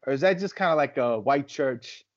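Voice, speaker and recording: A man's voice: medium pitch, expressive, moderate pace, no room sound. A man co-hosting a podcast in casual chat, rambling and telling stories with acted-out quotes. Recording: dry, dull lo-fi sound.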